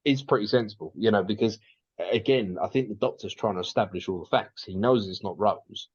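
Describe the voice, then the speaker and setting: A man's voice: fairly low pitch, a little fast, husky, highs cut off. A man co-hosting a podcast, chatting casually and rambling with lots of restarts and fillers. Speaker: podcast co-host.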